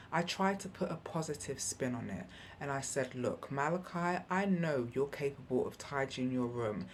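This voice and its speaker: Low-voiced chatty woman vlogging. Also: a little hiss or hum. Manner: chatty and candid, often laughs and acts out what she said. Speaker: parenting vlogger. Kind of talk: casual advice vlog. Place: at home.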